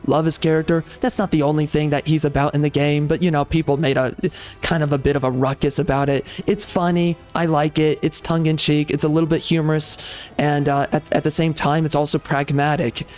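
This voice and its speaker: A man hosting a gaming channel, giving opinionated commentary in a rambling, emphatic way with many fillers and restarts. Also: on the high side.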